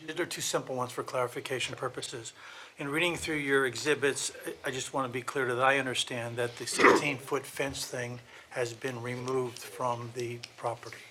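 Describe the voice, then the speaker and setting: A man's voice: medium pitch, fairly even intonation, normal speed, noisy background. A man on a township board asking careful clarifying questions at a meeting. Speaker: board member.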